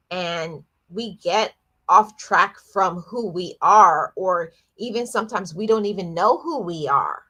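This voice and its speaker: A woman's voice: on the low side, measured pace, pushed and bright. A woman hosting a livestream, talking earnestly and reflectively about her own life, often repeating words and restarting sentences. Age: adult, lost her father at eighteen years ago. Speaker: livestream host. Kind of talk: reflective personal talk on a livestream.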